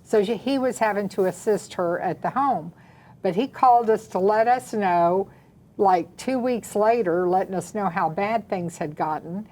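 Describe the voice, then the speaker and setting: A woman from the American South tells a story on a talk show. Her delivery is animated and dramatic. She speaks in an easy, conversational way as a co-host. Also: medium pitch, moderate pace. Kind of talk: casual storytelling chat.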